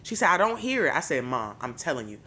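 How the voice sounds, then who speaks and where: Animated, swearing woman podcast host. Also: low voice, quick pace, slight background noise. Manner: animated, profane storytelling. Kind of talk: casual podcast chat.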